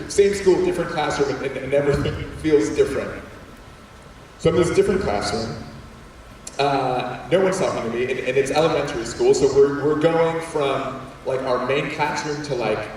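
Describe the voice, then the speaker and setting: Animated storyteller man in an echoey hall. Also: a little high, distant mic, a little hiss or hum. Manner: animated storytelling with acted-out voices. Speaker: guest speaker. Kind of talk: storytelling talk to students. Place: school auditorium.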